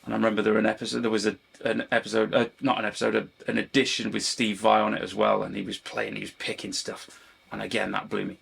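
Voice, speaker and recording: A man's voice: fairly low pitch, flat delivery, quick pace, gravelly, fairly bright tone, slightly rough. A man, a guitar teacher and channel host, chatting casually to camera, wandering off topic and apologising for it. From Britain. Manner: digressive, self-deprecating, often apologises for rambling. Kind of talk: rambling casual chat to camera.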